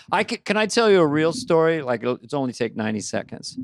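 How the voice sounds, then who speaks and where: A middle-aged man co-hosting a podcast, telling understated, deadpan anecdotes from the road in casual chat. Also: on the high side, quick pace. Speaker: co-host. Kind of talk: casual comedic storytelling.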